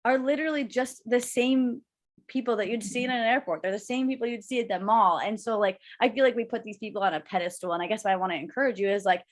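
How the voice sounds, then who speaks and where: A woman's voice: fairly high pitch, fast talker. A young woman co-hosting a casual chat, rambling and gushing with emotion. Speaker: co-host.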